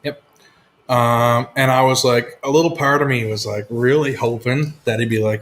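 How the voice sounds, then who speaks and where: A man's voice: medium pitch, fairly even intonation, a little fast, fairly bright tone. A man hosting a casual live whisky chat, laid-back and swearing freely as he tells stories. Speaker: whisky show host.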